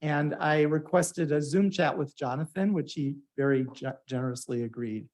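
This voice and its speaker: A man's voice: a little high, moderate pace, darkish tone. A man hosting a hybrid science conference, telling a casual story to the audience with fillers and playful quoted voices. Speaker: meeting organizer and moderator. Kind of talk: conference talk to a live audience. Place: hybrid conference meeting room.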